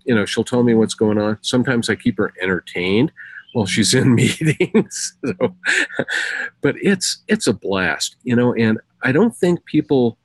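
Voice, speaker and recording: A man's voice: medium pitch, animated, a little slow, no echo, rough recording. A middle-aged American man co-hosting a casual chat show, telling rambling stories full of fillers. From United States. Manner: rambling, filler-heavy storytelling. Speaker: co-host.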